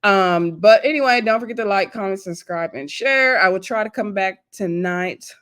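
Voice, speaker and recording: A woman vlogger recapping a reality TV episode in a casual, gossipy, animated way, with loose slangy talk and asides to her viewers. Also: medium pitch, normal speed. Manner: loose slangy speech addressing viewers as y'all.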